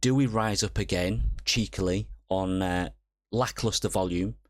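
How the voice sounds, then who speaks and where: Unhurried and low-voiced, the channel host, a crypto trader, goes over charts in a relaxed market update. He chats freely and often asks viewers "okay?" or "all right?" The audio has no room sound.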